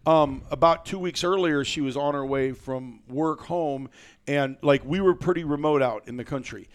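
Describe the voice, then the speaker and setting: A man recounts a story for a podcast with a clean, resonant tone that sits slightly high for a man. He tells it with animated energy and the odd curse word. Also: moderate pace, clean tone. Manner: animated, colorful storyteller with mild cursing. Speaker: guest hunter.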